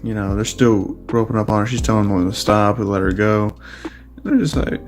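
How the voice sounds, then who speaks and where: A man's voice: lowish voice, steady tone, fairly quick, vocal fry, soft background music. A man casually retelling a fan story, rambling with many fillers and crude swearing.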